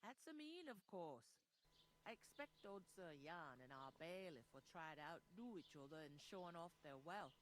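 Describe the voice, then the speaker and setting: A woman's voice: fairly low pitch, animated, moderate pace, a little hiss or hum, close to an everyday voice. A woman voicing a blunt, bossy village innkeeper in a video game. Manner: bossy, plain-spoken, folksy.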